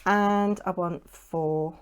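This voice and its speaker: A woman's voice: fairly low pitch, fairly even intonation, very slow, background noise. A woman hosting a papercraft channel, talking through her work in a rambling, chatty way and adding lots of tag questions. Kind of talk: chatty crafting vlog.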